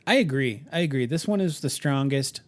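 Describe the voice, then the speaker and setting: A man's voice: medium pitch, expressive, a little fast. A man co-hosting a podcast in casual chat, enthusiastic, laughing often and stumbling over fillers and restarts. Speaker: podcast co-host.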